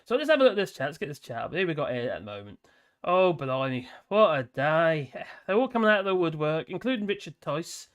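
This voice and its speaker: A man's voice: a little high, very animated, brisk, smooth. A man hosting a live stream, chatting casually with a rambling, chuckling, sarcastic manner.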